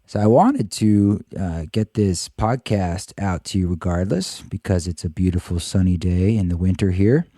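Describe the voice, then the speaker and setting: A man hosting a podcast, hoarse and husky from a cold, chatting loosely and joking about himself. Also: low-pitched, moderate pace, hardly any pauses, mellow, no room sound, clean studio sound. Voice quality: husky, croaky. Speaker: podcast host. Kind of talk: casual podcast intro.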